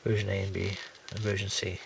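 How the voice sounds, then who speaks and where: A man's voice: sits low, completely flat delivery, a little fast, gravelly, slight background noise. A man rambling through a model kit unboxing with many fillers and restarts, getting over a cold. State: has a lingering cold. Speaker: scale model kit reviewer. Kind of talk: casual unboxing commentary.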